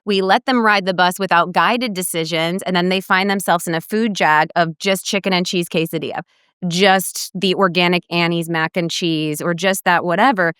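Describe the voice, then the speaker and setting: Woman guest dietitian, middle-aged, animated storyteller; clear, crisp voice. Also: fairly low pitch, normal speed, dry recording, studio quality. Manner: warm storytelling, animated quoting of others. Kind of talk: podcast interview.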